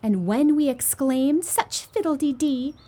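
A woman's voice: high voice, unhurried, warm tone, voice pushed up. A woman voicing a crowd of delighted, admiring townsfolk in a storybook, cooing and fussing.

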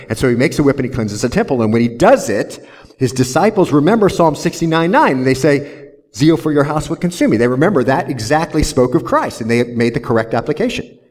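A man's voice: medium pitch, animated, fairly quick, darkish tone. A man pastor preaching a verse-by-verse sermon in an earnest manner, often tagging "see?" onto his points.

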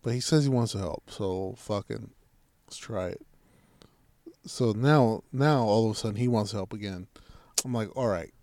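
A man's voice: on the low side, normal speed, pauses often, dry recording. A man telling a long story in casual chat, swearing freely and acting out the arguments he had. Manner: profane, animated, acts out quoted arguments.

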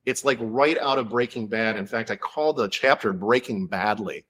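A man appearing as an author guest in a casual chat, telling his story enthusiastically and in rapid-fire fashion. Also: lowish voice, a bit bright.

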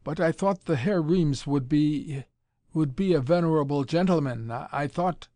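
An excitable, pale young lab assistant, as a male reader puts him on, stiff and stilted in his English, pitched well above the reader's own voice and pushed loud. The dry, close audiobook sound leaves no room around him. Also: normal speed, dry recording, lightly acted. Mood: startled. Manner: stilted, agitated, pleading. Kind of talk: audiobook character voice.

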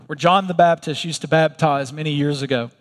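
A man's voice: on the high side, steady tone, brisk, natural voice. A man voicing river water as a witness, giving plain, matter-of-fact testimony. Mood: calm. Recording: long reverb of a large hall.

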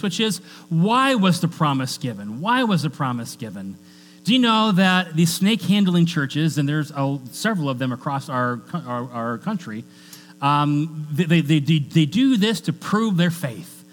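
A man's voice: a little high, very animated, moderate pace. A male pastor preaching a conversational sermon, reading scripture aloud with joking asides. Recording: long church reverb with faint mains hum.

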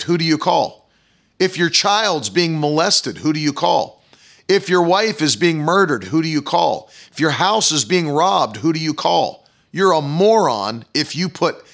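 A man's voice: on the high side, creaky, fairly bright tone. A man preaching a fiery sermon, hammering the crowd with rhetorical questions.

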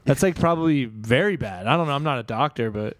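A man's voice: medium pitch, lively intonation, no room sound. A man co-hosting a podcast, joking and reacting in casual chat. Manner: joking, quick to react and chime in. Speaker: podcast co-host.

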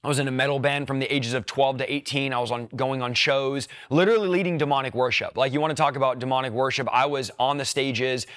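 Young man, earnest testimony, mid pitch, dry close sound. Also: fairly even intonation, a bit bright, no room sound. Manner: earnest storytelling, quick bursts. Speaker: preacher. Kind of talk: personal testimony.

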